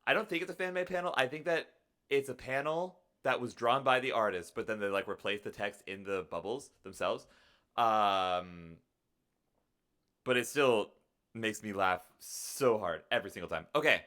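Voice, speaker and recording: A man's voice: lowish voice, normal speed, pushed and bright. A man streaming live in casual chat, rambling in a playful, self-deprecating way.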